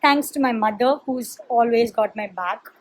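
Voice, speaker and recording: A woman's voice: fairly high pitch, moderate pace, poor audio. A young woman and college student, chatting casually to her viewers in a vlog and filming on a handheld phone. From Chennai, India. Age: young adult. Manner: chatty, talks straight to viewers with fillers. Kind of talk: casual vlog talk to camera.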